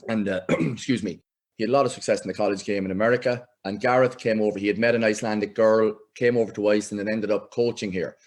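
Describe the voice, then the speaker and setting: A middle-aged Irish man, a football coach, telling lively anecdotes in a casual interview and acting out the voices he quotes. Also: fairly low pitch, quick pace. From Ireland. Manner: animated anecdotes, acts out quoted voices, laughs often. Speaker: football coach, podcast guest.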